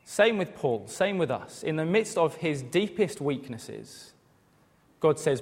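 Man preaching, earnest, rhetorical questions, slightly high voice, long hall echo. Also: big pitch swings, slow, darkish tone, husky. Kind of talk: sermon.

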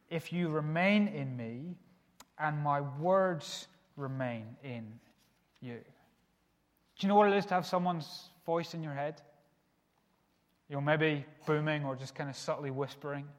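Guy preaching a sermon, kinda high voice, goes soft then builds up, echoey hall. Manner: earnest, shifts from soft hushed lines to emphatic rises. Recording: long reverb of a hall.

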